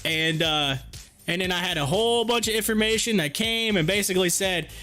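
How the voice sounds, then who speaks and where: Man, livestream host, high voice, folksy and chatty, slightly hoarse, faint music behind. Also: a little fast, bright, forceful tone. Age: adult with kids. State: hoarse, losing his voice. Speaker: livestream host reading chat. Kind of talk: casual livestream chat.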